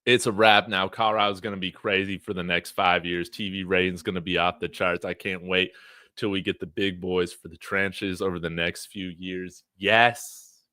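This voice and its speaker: A man hosting a college football fan livestream, talking in an excited, brash, trash-talking way. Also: deep voice, normal speed, dry recording, clean studio sound.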